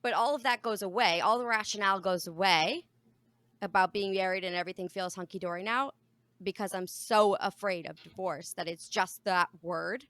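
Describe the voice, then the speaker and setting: A woman's voice: medium pitch, normal speed, fairly bright tone, no echo. A young adult woman co-hosting a podcast, chatting casually and frankly and swearing freely. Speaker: podcast co-host. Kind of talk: casual chat.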